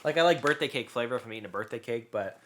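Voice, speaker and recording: Lively, bright-voiced man joking through a snack tasting. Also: mid-range voice, very fast, slight background noise. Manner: rambling and joking, with loud laughing outbursts. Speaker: podcast co-host. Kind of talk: casual snack-tasting chat.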